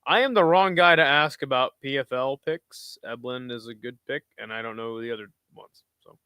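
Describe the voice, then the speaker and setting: A man hosting a casual live stream, bantering and swearing as he answers chat. His voice is bright, smooth and a touch high, recorded dry and close with no room echo. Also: normal speed. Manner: profane, joking banter with chat. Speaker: livestream host.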